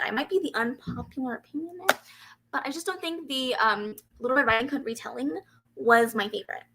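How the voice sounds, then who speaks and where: A woman's voice: high-pitched, sharp tone, poor audio. A young woman hosting a casual reading livestream, chatting animatedly and giggling as she answers comments. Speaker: booktube livestream host. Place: home room with a fan running.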